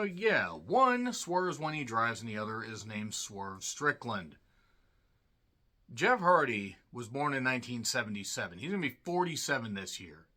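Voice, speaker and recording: A man's voice: medium pitch, pushed and bright. A man giving a casual solo review of a wrestling show, blunt and sarcastic, swearing freely and sounding tired.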